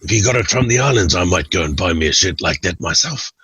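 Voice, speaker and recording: A man's voice: low-pitched, expressive, fast talker, fairly bright tone, breathy edge, dry recording, full character voice. A man voicing a laid-back male friend who says everything twice, slightly differently. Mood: delighted.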